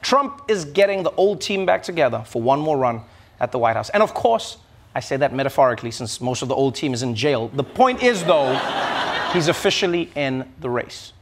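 A man's voice: mid-range voice, very animated, a little fast, a little hiss or hum. A man delivering a sarcastic comedic monologue as a late-night host, slipping into mocking voices.

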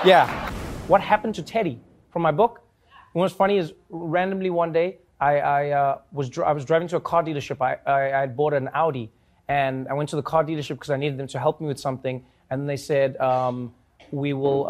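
A man with a South African accent telling comic stories to an audience, acting out voices with big jumps in pitch. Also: fairly even intonation, moderate pace, slight background noise. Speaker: talk show host. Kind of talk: storytelling to a live audience.

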